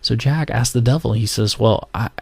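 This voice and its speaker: A man's voice: medium pitch, normal speed, vocal fry, husky, dry recording. A man from North Carolina, hosting a podcast and telling stories in a loose, rambling way full of fillers. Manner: rambling storytelling with many fillers. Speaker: podcast host. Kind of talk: casual podcast monologue.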